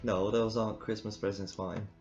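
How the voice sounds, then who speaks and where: A man's voice: on the low side, little pitch movement, a little fast, darkish tone. A man giving rambling, casual commentary while playing a game, laughing often. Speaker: gamer. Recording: dull lo-fi recording with game music. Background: game music.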